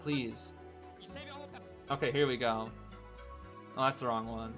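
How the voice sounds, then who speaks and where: A man streaming, casually co-commentating esports matches and chatting to viewers in an excitable way, often saying "bro" and laughing. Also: medium pitch, slow, faint music behind.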